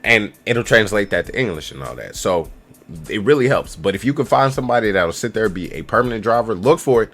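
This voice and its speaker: A man's voice: fairly low pitch, animated, brisk, a bit bright, soft background music. A man in his twenties giving loose, slangy, rambling travel advice straight to camera as a casual vlogger. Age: 20s.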